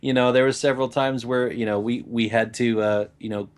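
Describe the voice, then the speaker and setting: A man's voice: mid-range voice, steady tone, fairly quick. A man co-hosting a casual gaming podcast, chiming in with teasing and short affirmations. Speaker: podcast co-host.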